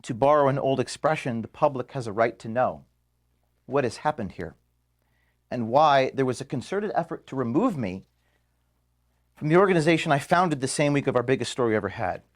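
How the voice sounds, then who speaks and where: Man in his thirties, office farewell to staff, halting, mid pitch, filmed in the room. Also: lively intonation. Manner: halting, emotional, pauses and restarts. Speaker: organization founder addressing staff. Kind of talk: emotional farewell speech. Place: office, indoors.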